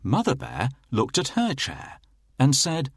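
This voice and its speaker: A man narrating a children's fairy tale in a slow, expressive storytelling manner. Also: medium pitch, slightly rough, no echo, studio quality.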